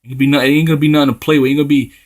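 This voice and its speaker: A man delivering a profane, heated street-style sermon, tagging "man" onto his phrases and reading scripture slowly in old-style wording. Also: fairly high pitch, level tone, a little mellow. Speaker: preacher.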